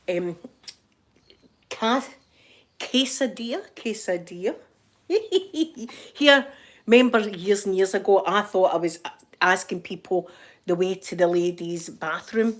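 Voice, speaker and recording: A woman's voice: medium pitch, moderate pace. An older woman with a Scottish accent, chatting casually to her viewers and laughing often as she rambles through stories. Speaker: vlogger reading live chat. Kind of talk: casual chat.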